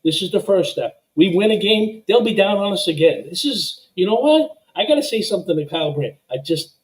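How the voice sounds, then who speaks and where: A fired-up man calls into a sports show over a video call, venting with raw emotion. His voice runs high, and his pitch leaps up and down as he talks. He sounds heated, pushing his points hard. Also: lively intonation, brisk, low-quality recording. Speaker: caller. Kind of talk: excited call-in rant.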